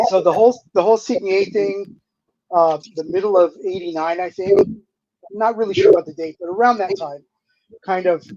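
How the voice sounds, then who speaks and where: A man around sixty, a guest musician telling stories in a casual interview, animated and laid-back, with lots of "dude" and "you know". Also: high-pitched, dry recording. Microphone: remote streaming call. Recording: dull, slightly lo-fi dry audio.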